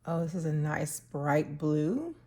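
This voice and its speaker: Slow-talking woman with a gravelly voice. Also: low voice. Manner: slow, relaxed, chatty with fillers and soft laughs. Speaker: stationery channel host. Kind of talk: casual unboxing and pen demo.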